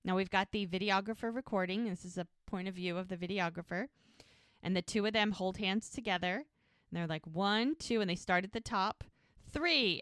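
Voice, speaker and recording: A woman's voice: medium pitch, clean tone, no echo, studio quality. A woman co-hosting a podcast, casually retelling a show's scenes and acting out the quoted lines. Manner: lively storyteller who voices quoted lines. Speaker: podcast co-host recapping episodes.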